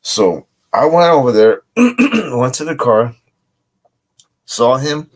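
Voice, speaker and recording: A man's voice: mid-range voice, big pitch swings, takes it slowly, pauses often. A man casually telling a boastful street story, swearing often. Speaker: guest.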